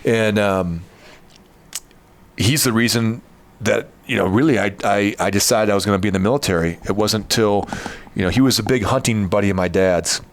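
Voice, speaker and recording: Very deep-voiced man telling a story. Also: moderate pace. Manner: earnest, rambling, with frequent restarts. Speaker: podcast host. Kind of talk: casual storytelling chat.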